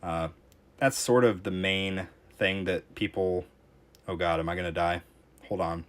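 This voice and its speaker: A young man with a fairly low voice live-streams a tower defense game. He thinks aloud, answers his chat and breaks into sudden exclamations when the run gets tense. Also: steady tone, measured pace. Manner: reactive, talks to chat while playing, frequent exclamations. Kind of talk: casual live-stream commentary.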